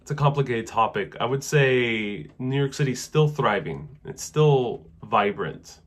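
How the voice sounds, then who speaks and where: A man hosting a casual live stream, answering viewer questions about travel in a relaxed, rambling way with many fillers. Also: medium pitch, unhurried. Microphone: wireless clip-on mic.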